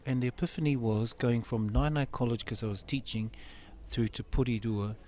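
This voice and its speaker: A man's voice: medium pitch, moderate pace, warm tone, a little hiss or hum. A man in his fifties giving an interview, telling a personal story earnestly and acting out the dialogue. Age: 50s. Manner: earnest, acts out quoted dialogue. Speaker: interview guest.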